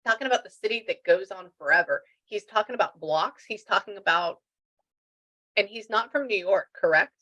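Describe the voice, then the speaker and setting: Chatty bright-voiced woman medium. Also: medium pitch, animated, moderate pace, low-quality recording. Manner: chatty, thinks aloud, many "like"s and restarts. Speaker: spiritual medium. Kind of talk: relaying messages during a reading.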